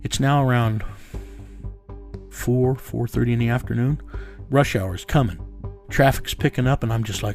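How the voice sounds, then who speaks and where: A man's voice: medium pitch, steady tone, normal speed, long pauses, darkish tone, soft background music. A man bluntly telling his own story in a casual interview, often repeating words as he restarts. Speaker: bounty hunter guest telling his story.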